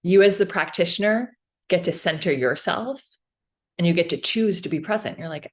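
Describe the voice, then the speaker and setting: A woman's voice: on the low side, moderate pace. A woman guest on a podcast, explaining ideas in a casual, earnest way and often checking in with "right?".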